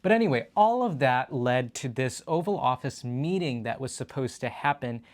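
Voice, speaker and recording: A man's voice: mid-range voice, lively intonation, normal speed. Chatty male host of a political show. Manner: conversational, with frequent fillers and restarts. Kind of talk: casual political news commentary.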